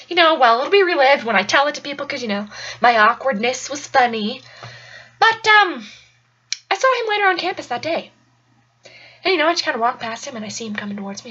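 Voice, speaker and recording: A woman's voice: high-pitched, big pitch swings, brisk, sharp tone, dull audio. A young woman telling a casual personal story in a chatty, rambling way with lots of fillers. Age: young adult. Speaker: college student storyteller.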